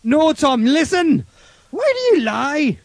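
Squeaky nagging caller, swoops up and down, off mic. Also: male voice, big pitch swings, slow, no echo, studio quality, exaggerated voice. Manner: nagging, insistent. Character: shrill male caller nagging in a put-on accent.

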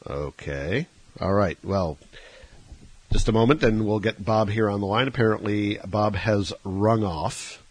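A man's voice: lowish voice, unhurried, husky, no room sound. A man hosting a radio show, joking around in a put-on Irish accent while taking calls. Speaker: radio host. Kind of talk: casual radio chat.

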